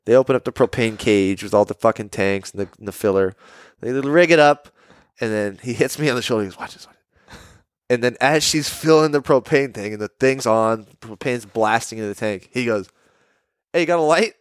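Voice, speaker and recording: A man's voice: medium pitch, fairly quick, smooth, no room sound, clean studio sound. A man co-hosting a podcast, ranting and swearing in exasperated casual banter. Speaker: podcast co-host.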